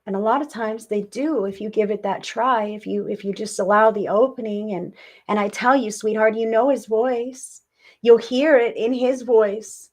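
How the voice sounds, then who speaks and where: A woman hosting a live psychic reading stream, talking to viewers in a warm, soothing, reassuring way and often repeating herself. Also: a little high, steady tone, moderate pace. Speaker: psychic medium livestream host.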